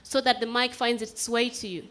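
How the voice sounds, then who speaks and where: Woman from Zimbabwe, event moderator; quick, teasing, keeps questions moving, slightly higher voice. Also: steady tone, a bit bright. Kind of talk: hosting an audience Q&A.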